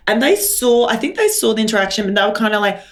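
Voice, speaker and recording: An Australian woman in her thirties, co-hosting a podcast, telling an animated story in casual chat and acting out what people said. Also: fairly high pitch, fast talker. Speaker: podcast co-host.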